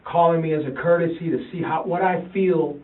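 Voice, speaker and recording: Halting father on a tinny, roomy recording. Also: fairly high pitch, fairly even intonation. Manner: halting, repeats himself, quotes his sons. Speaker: father interviewed by police. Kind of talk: police interview recording. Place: police interview room. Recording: tinny, roomy, distant interview-room recording.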